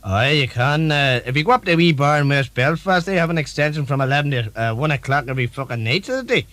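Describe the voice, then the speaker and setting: A cocky, quick-tempered Belfast politician, as a man puts him on. He fires off lines fast with a lively, bouncing pitch and a Northern Irish accent, swearing freely. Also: no room sound.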